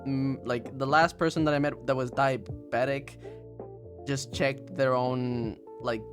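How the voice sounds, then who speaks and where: Halting man chatting over music. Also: mid-range voice, fairly even intonation. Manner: halting, many fillers. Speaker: streamer. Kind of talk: casual chat. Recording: soft music behind.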